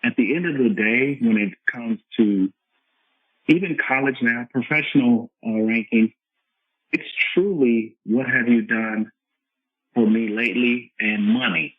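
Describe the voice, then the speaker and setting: Coach guest, man, husky voice, phone-quality line, earnest explainer. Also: mid-range voice, a little slow, no echo. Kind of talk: conversational podcast interview. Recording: tinny phone-line audio.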